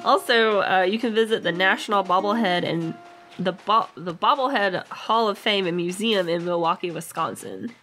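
A woman's voice: medium pitch, normal speed, a bit bright, soft background music. A tired woman co-hosting a game let's play, teasing and laughing often as she comments. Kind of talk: casual gameplay commentary.

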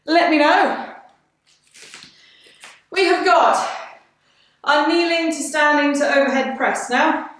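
Breathless, cheery fitness instructor. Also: female voice, high voice, slow, long pauses, a bit bright. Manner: cheerful, encouraging, bubbly, with breathy whoops between cues. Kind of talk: live workout coaching. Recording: echoey room, voice from a distance.

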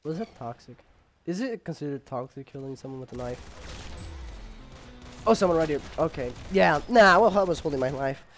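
A young man casually commenting on his gameplay, rambling with lots of fillers and jokes, and sometimes yelling when excited. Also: on the high side, normal speed, pauses often, soft background music. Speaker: gamer.

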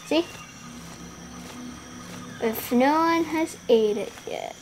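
A woman giving casual gameplay commentary, giggling and rambling, trailing off mid-sentence and bursting into excited shouts. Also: high voice, extremely slow, faint music behind. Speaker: gaming YouTuber.

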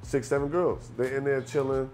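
A man, a rapper and guest, telling a story in a casual, profane, animated way and acting out the scenes. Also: medium pitch, moderate pace, soft background music.

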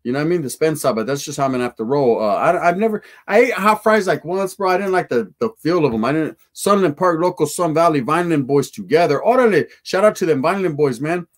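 Casually chatting on stream, a man mixes street slang with Spanish words while reacting to a film and reading chat. His voice sits on the high side with lively intonation, moving quickly with hardly any pauses.

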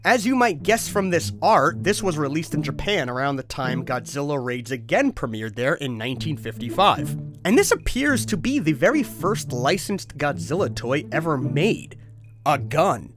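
A man's voice: fairly high pitch, sing-song, moderate pace, music in the background. A man hosting a comedic toy history show, jokey and exasperated, his voice cracking upward when flustered. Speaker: host.

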